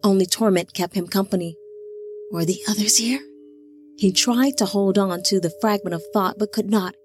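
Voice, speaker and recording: A woman narrating an audiobook in a steady, measured storytelling voice. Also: mid-range voice, over music. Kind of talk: scripted narration.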